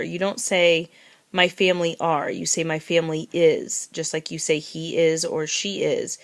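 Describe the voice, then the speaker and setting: Woman teacher going over lesson notes, slightly low voice, slow and patient, repeats stuff and spells it out. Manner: patient, spells words out letter by letter and repeats phrases slowly. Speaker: French teacher. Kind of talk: recorded classroom lesson.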